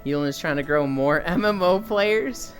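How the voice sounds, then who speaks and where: Woman streamer, low voice, loose profane chat with faint music under it. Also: moderate pace. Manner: swears freely, acts out voices in stories. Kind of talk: casual chat with viewers.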